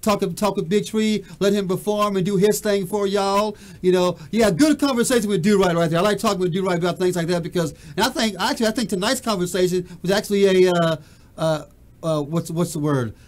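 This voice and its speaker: A man with a fairly high voice hosts a casual music talk show. He talks in a measured, steady way and often stumbles and restarts as he searches for words. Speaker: host. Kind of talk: casual radio-style chat.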